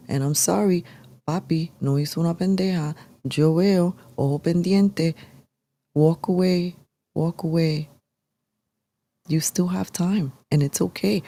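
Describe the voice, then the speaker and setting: A woman's voice: deep voice, fairly even intonation, measured pace, mellow. A woman from New York City, co-hosting a casual political livestream, talking animatedly and slipping phrases into her English. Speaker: livestream co-host.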